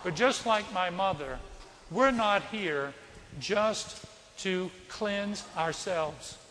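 A man's voice: high voice, lively intonation, extremely slow, a bit bright, a little hiss or hum. A man from North Carolina, a priest, preaching a sermon in a church and telling a personal story in a conversational way, asking the congregation questions. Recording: reverberant church hall.

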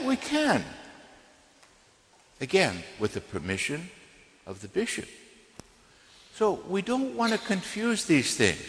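A man, possibly an Orthodox priest, giving an informal teaching talk in an emphatic, animated way and often checking in with "okay". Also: fairly high pitch. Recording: long reverb of a large hall.

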